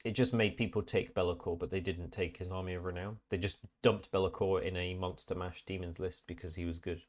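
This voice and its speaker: Podcast co-host, very low voice, blunt and sweary, casual chat. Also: male voice, steady tone, fairly quick. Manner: blunt, sweary, complaining about game rules.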